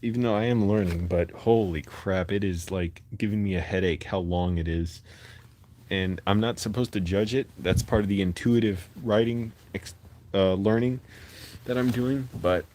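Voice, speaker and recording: A man with a low, warm, mellow voice talks casually into a phone held close. He rambles through his thoughts with plenty of ums and restarts, like a late-night live-stream chat from his bedroom. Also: moderate pace, slight background noise. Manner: rambling, chatty, many fillers and restarts.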